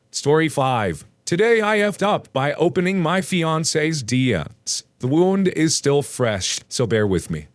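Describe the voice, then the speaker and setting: A man's voice: fairly high pitch, dry recording. A man reading Reddit stories aloud and breaking off into rambling, self-mocking asides. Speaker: Reddit story reader.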